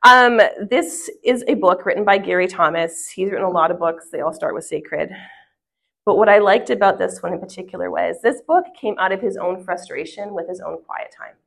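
A woman's voice: fairly low pitch, normal speed, vocal fry, fairly bright tone. A woman teaching a church group in a conversational way, asking the audience questions and telling a family story. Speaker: women's ministry speaker. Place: church hall with a live audience.

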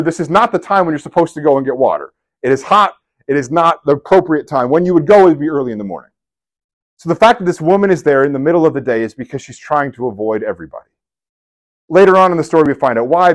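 A man preaching in a chatty, storytelling manner, his voice rising and falling widely as he leans into each point. His pitch sits a little high for a man, and he moves easily between emphasis and casual asides. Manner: animated, conversational storytelling with asides. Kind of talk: sermon.

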